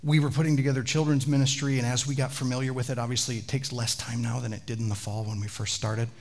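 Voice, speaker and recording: Preaching to his congregation, a pastor tells stories with animation and drops in chatty asides. His voice is mid-range, and he talks fast.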